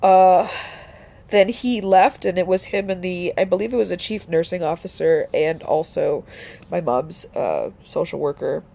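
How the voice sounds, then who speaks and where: A young woman talking about her grief in a personal vlog, halting, with many restarts and fillers. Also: on the low side, vocal fry, mellow. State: grieving, voice dropping soft. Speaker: vlogger.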